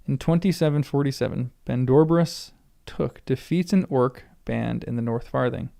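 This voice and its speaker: A man reads a book aloud for the first time, now and then stumbling over a name and pausing to think it through out loud. His voice is smooth and resonant, with a low gravelly edge and a mellow, relaxed tone. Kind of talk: reading aloud with reactions.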